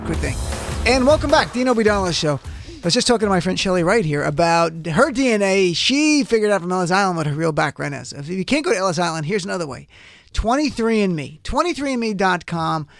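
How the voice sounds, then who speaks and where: A male radio host with a New Jersey accent and a high-pitched, animated delivery. He sounds chatty and jokey. The studio sound is dry and close. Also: quick pace, creaky, no room sound, soft background music. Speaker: radio talk show host. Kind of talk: live radio talk with host-read ad.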